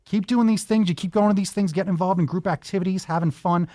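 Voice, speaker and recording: A man's voice: high voice, fast talker, mellow, no echo, clean studio sound. A man hosting a talk show who interviews children in an enthusiastic, encouraging way and offers them advice. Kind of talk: upbeat interview with kids.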